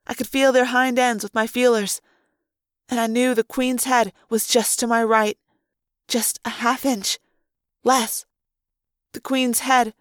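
A woman's voice: a little high, little pitch movement, unhurried, pauses often, dry recording, clean studio sound. A woman reading a novel aloud in the first person, with tense, dramatic delivery.

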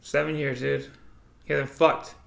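A man, casually retelling a story in slangy, animated chat. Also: medium pitch, unhurried, vocal fry, reverberant.

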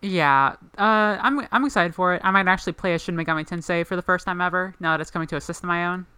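A woman's voice: fairly low pitch, fast, sharp tone, clean tone, dry recording. A woman co-hosting a podcast in casual chat, rambling with lots of "like" fillers. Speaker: podcast co-host.

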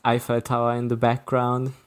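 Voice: mid-range voice, completely flat delivery, normal speed. A young podcast co-host teasing friends in casual chat. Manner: playful, teasing.

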